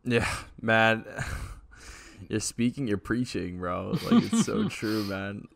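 A man's voice: lowish voice, slow, creaky, fairly bright tone, no echo. A man hosting a podcast in a laid-back, slangy way, laughing often. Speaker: podcast host. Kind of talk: casual podcast chat.

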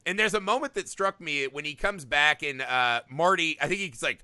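Animated guy on a podcast, bright voice, really dry close sound. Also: on the high side, normal speed, no room sound. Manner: animated, swears freely, jumps into shouted impressions. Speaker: podcast co-host. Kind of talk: casual chat about movies.

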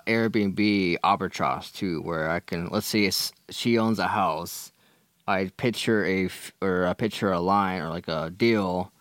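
A man chatting as a podcast guest, laid-back and halting, with lots of fillers. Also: sits low, fairly bright tone, dry recording. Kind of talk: casual chat.

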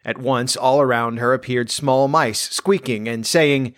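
Male storyteller, mid-pitched voice, gentle fairy-tale reading, dry close recording. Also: fairly even intonation, unhurried, no echo. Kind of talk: fairy tale read aloud.

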